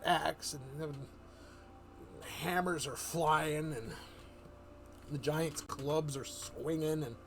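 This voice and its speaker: A man streaming live, telling a fantasy adventure story in a rambling, animated way, full of fillers and restarts. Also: fairly high pitch, takes it slowly, pauses often, noisy background.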